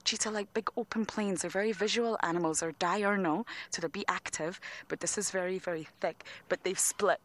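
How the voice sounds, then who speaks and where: A woman working as a safari guide, giving animated live commentary from a vehicle outdoors as she spots and calls in wildlife. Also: mid-range voice, brisk, hardly any pauses. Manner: animated, spotting and calling in wildlife. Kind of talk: live game drive commentary.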